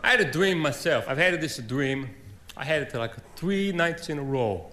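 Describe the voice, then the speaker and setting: A man's voice: on the high side, lively intonation, normal speed, bright, forceful tone. Folksy stand-up comic, man, rambling easy storyteller, faint hiss of an old comedy record. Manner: rambling folksy storytelling with fillers and plain grammar.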